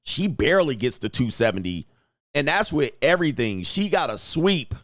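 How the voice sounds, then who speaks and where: A young man hosts a casual live stream, thinking out loud with a quick, excitable delivery. His voice sits at a middle pitch and sounds dry and close, with little room sound around it. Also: dry recording. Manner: thinks aloud, excitable, laughs often. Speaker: livestream host.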